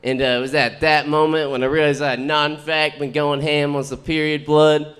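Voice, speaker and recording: A brash young-sounding man working a comedy club stage, delivering profane, rambling stories. His voice sits a bit high and comes across bright and forceful. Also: little pitch movement, a little fast, clean tone. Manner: profane, brash storytelling with crude punchlines. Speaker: stand-up comedian. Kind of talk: stand-up set.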